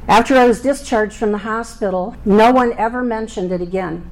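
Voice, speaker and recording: A woman's voice: fairly high pitch, fairly quick, few pauses, a little hiss or hum, rough recording. A middle-aged woman giving her personal faith testimony, speaking earnestly and plainly, leading a prayer and telling her life story.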